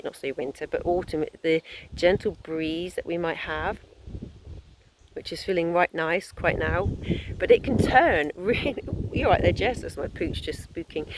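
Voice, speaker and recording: A woman's voice: lowish voice, background noise. A woman, a holistic therapist giving a conversational wellness talk that rambles and encourages, with many fillers and restarts.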